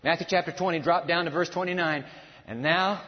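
A man preaching in a large church with a balcony, and his voice carries a long echo through the hall. He sits a little higher than most men and has a theatrical delivery, rising to loud exclamations and then dropping to hushed, low asides. The sound is slightly dull. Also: a little fast. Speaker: pastor. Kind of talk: sermon.

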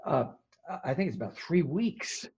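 A male pastor giving a conversational sermon, swinging between emphatic and hushed delivery. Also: on the high side, sing-song, moderate pace, breathy edge, highs cut off.

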